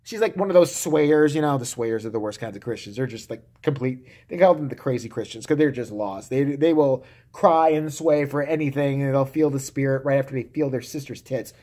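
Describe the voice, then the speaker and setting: A man's voice: mid-range voice, fairly quick, hardly any pauses, dark tone. A man delivering a vulgar, heated, mocking solo rant to camera. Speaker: vlogger.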